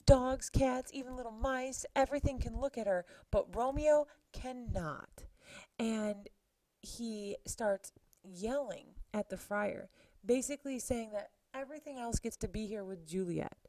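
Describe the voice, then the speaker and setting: Woman teacher going over a play, chatty and lively, dark mellow voice, dry close sound. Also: on the high side, a little slow, no echo, poor audio. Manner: animated and chatty, paraphrasing lines in modern words. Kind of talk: lesson recap with paraphrased quotes.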